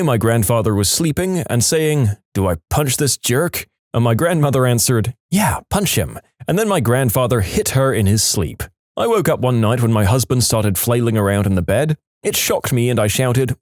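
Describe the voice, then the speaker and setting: A man narrating reader-submitted stories in a scripted, expressive way, acting out the quoted lines with changing voices. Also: mid-range voice, no echo, studio quality. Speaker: storytime narrator.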